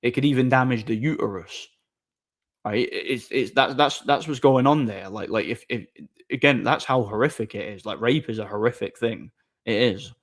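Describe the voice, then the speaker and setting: A man's voice: mid-range voice, normal speed. A man chatting casually on a live stream, reading viewer messages aloud, rambling with repeated words and frequent laughter.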